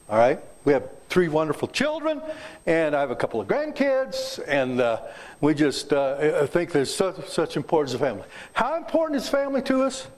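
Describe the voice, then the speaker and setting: A man in his seventies from Kansas, giving a folksy, joking talk to a club and quizzing the audience. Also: fairly high pitch. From south central Kansas, USA. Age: 70s. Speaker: guest speaker. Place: club meeting room.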